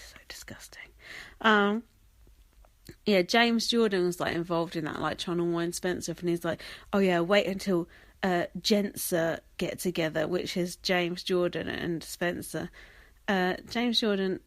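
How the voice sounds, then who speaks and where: A woman's voice: lowish voice, dry recording. A young woman hosting a podcast recap in casual chat, sweary and laughing often, slightly wheezy and coughing. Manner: chatty, sweary, laughs often, many ums and likes. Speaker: podcast host.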